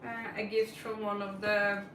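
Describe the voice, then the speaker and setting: A woman's voice: mid-range voice, completely flat delivery, moderate pace, a bit bright, recorded from a distance, a little hiss or hum. A woman hosting a live tarot stream, chatting casually and greeting viewers by name as she rambles. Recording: roomy, set back from the mic.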